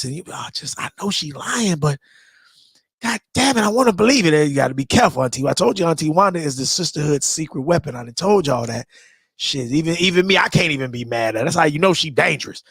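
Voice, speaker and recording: A tired man from the US West Coast hosting a late-night live stream, talking loudly in profane, rambling banter. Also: medium pitch, fast talker, vocal fry, husky, no room sound, clean studio sound.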